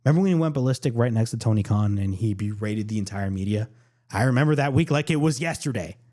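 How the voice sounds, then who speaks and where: A man hosting a podcast, recapping a wrestling show off the cuff in a lively, unscripted way and repeating lines for emphasis. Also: lowish voice, fast talker. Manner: animated, repeats himself for emphasis. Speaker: podcast host.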